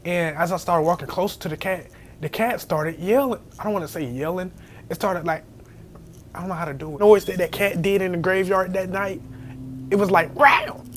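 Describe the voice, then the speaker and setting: A young man telling a scary story in casual storytime style, animated and jumping to high squeals when he quotes himself. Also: fairly quick. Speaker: storyteller vlogger. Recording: faint background noise.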